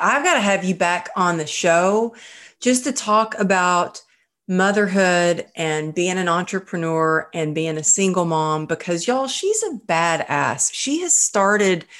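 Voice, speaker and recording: A woman hosting a conversational interview, speaking with open, heartfelt enthusiasm. Her voice sits slightly low for a woman, and she lingers on her words as she praises her guest. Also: animated, a little slow, a bit bright. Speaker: podcast host.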